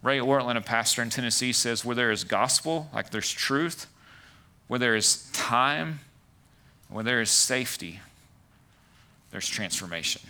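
A man's voice: medium pitch, unhurried, long pauses, sharp tone. A man preaching a conversational sermon as pastor, full of "like" and "right" asides.

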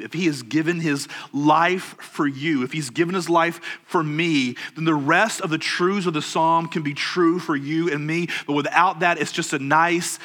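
A man preaching a sermon, earnest and measured, slowing down on key phrases and rising into urgent questions. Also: fairly high pitch, a bit bright. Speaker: pastor.

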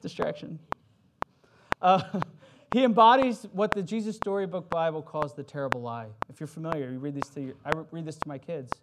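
A man's voice: a little high, brisk. A man preaching a sermon in a conversational way, with fillers and self-corrections, who reads scripture with rising emphasis. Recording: loud background noise.

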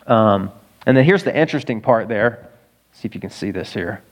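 A man's voice: lowish voice, animated, moderate pace. A male pastor preaching a conversational sermon, earnest and full of rhetorical questions.

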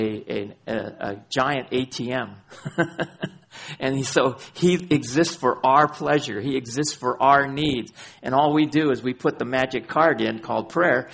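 Male pastor, sermon, gravelly, husky, cites chapter and verse, repeats lines for emphasis. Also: medium pitch, fairly bright tone.

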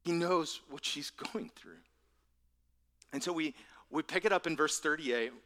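A man with a bright, forceful voice delivers a sermon, speaking a little higher than most men. He preaches in an earnest, conversational way, circling back over his words. For emphasis he drops his voice to a hushed near whisper. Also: a little slow. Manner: repeats words and restarts phrases. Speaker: pastor.

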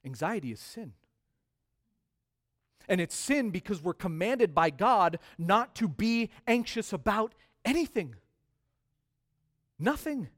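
A man preaching a sermon as pastor, stressing key words by repeating them and swinging between quiet drops and loud rises. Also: sits high, very animated, slow pace, pauses often.

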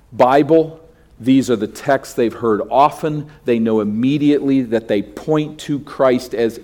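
A man preaching an expository sermon, teaching through a passage in an earnest, steady way. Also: mid-range voice.

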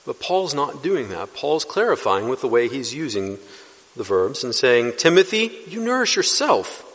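A man with a medium-pitched, expressive voice preaches an expository sermon as a pastor, teaching earnestly at an unhurried pace. He raises his voice to stress key words, and the church hall adds a long reverb.

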